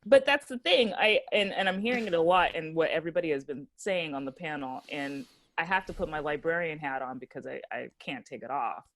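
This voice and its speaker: A woman's voice: low-pitched, fairly bright tone. Bubbly, playful woman on a panel. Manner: bubbly, playful, quick to laugh. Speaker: librarian panelist. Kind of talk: casual panel discussion.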